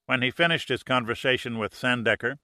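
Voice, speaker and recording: Male audiobook narrator, bright tone, dry close recording, steady measured delivery. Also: mid-range voice, no room sound. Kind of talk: scripted narration.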